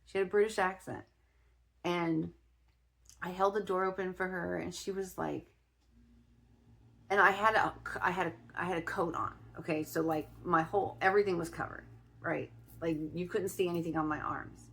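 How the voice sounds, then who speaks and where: A middle-aged woman from Ohio telling a personal story in a chatty vlog, often restarting her sentences and filling pauses. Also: lowish voice, fairly even intonation, vocal fry. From Ohio, USA. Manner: chatty, with many restarts and fillers. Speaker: spiritual vlogger.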